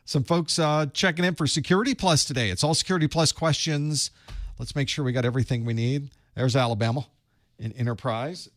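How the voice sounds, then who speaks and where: A Southern US man with a medium-pitched voice, recorded clean in a studio without echo, chats folksily with viewers before hosting and teaching a live certification study session. He greets people by where they're from in this casual pre-show talk.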